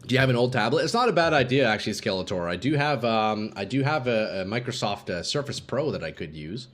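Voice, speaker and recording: A man's voice: mid-range voice, expressive, fast talker. A man streaming a game live, chatting casually with viewers and reading their messages aloud, with sudden bursts of hype, on a desk microphone at his home gaming setup. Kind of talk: live-stream commentary while playing.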